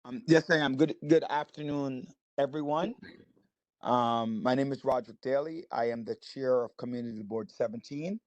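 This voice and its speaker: A man speaking on a video call as chair of a local board. He is middle-pitched and talks in a hesitant, good-humored way with plenty of ums. The sound is dry and close, with no room echo. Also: normal speed, darkish tone. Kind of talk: casual meeting remarks. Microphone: video call mic.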